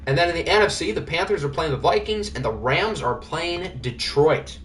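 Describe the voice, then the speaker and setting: A man's voice: a little high, expressive, normal speed, few pauses, fairly bright tone, slight background noise. A man hosting a live stream of a simulated football league, chatting casually and joking as he goes over results. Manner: chatty, joking, thinks aloud. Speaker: livestream host. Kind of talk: casual sports sim commentary.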